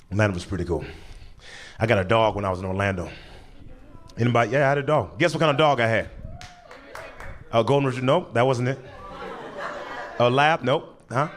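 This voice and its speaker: In a mid-range voice, a young stand-up comedian eases through a conversational set at a comedy club, mimicking the people who appear in his stories. Behind him, the live audience laughs and claps amid a background hum.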